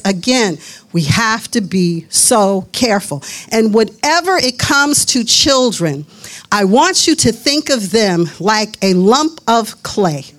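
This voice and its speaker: A middle-aged woman delivers a sermon in a chatty, conversational manner. Her voice sits high and moves animatedly up and down. She drops into quoted asides as she preaches.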